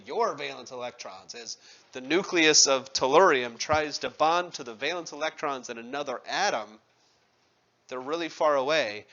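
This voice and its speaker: A man's voice: medium pitch, fairly bright tone, highs cut off. A man teaching a chemistry class in a conversational lecture, asking his students questions and making wry asides.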